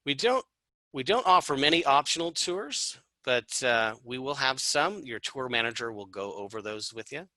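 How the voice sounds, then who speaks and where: A man's voice: mid-range voice, animated, moderate pace, sharp tone, no echo, low-quality recording. A man giving an informal, upbeat travel presentation, chatty, with fillers and jokey asides. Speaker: tour presenter.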